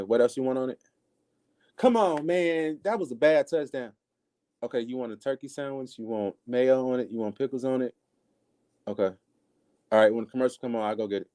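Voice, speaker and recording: This clip has the same man at a medium pitch with no room sound. Hosting his casual livestream, he talks bluntly and animatedly, acting out people's remarks.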